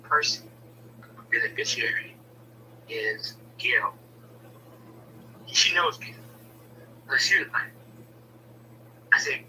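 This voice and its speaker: A man's voice: medium pitch, pushed and bright, distant mic, slight background noise, rough recording. A man telling a personal story in casual, blunt, profane talk, often stumbling and repeating words as he starts a sentence.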